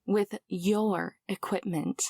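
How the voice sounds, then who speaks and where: Amber, a terse, deadpan loner. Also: female voice, medium pitch, slow, vocal fry, slightly rough, dry recording, clean studio sound, full character voice. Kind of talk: visual novel voice acting.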